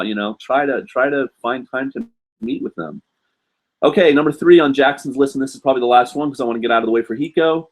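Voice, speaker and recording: A man hosting a casual live Q&A stream as a university English teacher, chatty and animated, leaning on "you know" as he talks. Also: medium pitch, fast. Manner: animated, acts out students and staff in a raised voice. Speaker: host answering viewer questions.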